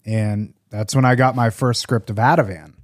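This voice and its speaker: A man's voice: fairly low pitch, fairly even intonation, normal speed, no echo, studio quality. A man co-hosting a recovery podcast, talking candidly in a rambling way with lots of fillers. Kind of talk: casual conversation.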